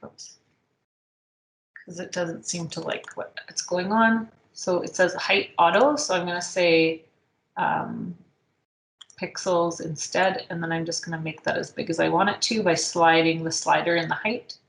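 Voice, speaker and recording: Woman talking through a software tutorial. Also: fairly low pitch, steady tone, a little slow, creaky. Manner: thinking aloud while clicking, with frequent ums. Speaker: instructor. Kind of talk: screen-recorded software tutorial. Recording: echoey room.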